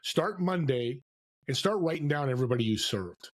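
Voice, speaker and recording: A man telling stories as a podcast guest, lively and acting out the voices of people he quotes. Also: mid-range voice, normal speed. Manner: animated storyteller, acts out quoted voices. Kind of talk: storytelling interview. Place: California.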